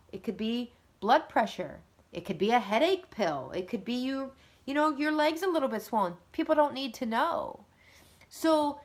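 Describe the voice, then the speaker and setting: A woman, likely in her thirties, talking earnestly and conversationally about parenting and getting help, with lively emphasis. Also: a little high. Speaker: mother of two. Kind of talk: casual advice talk.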